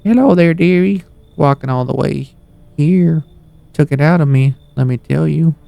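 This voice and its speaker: A man's voice: a little high, normal speed, gravelly, mellow, no room sound, voice pushed up. A man voicing an elderly, chatty grandmotherly woman who folksily calls everyone dearie, reading game dialogue on a live stream. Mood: sweetly rambling.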